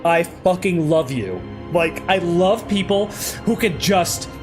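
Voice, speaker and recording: A man hosting a casual let's play chat, excitable, laughing often and swearing casually. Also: high voice, takes it slowly. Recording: music playing underneath.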